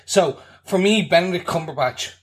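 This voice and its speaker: A man's voice: high-pitched, moderate pace. A man co-hosting a podcast, giving his casual take on a movie in an emphatic, rambling way. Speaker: podcast co-host. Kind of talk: casual movie review chat.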